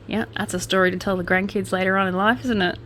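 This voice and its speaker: A woman's voice: medium pitch, steady tone, fast talker, fairly bright tone. Australian woman, casual news-reading vlogger, wry and chatty, faint hum behind. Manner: chatty, wry asides and self-corrections.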